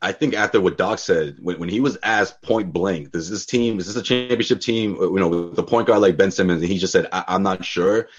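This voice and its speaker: Man, low husky voice, fast talker, casual sports chat, dull lo-fi audio. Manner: quick, conversational, laughs often. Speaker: podcast co-host.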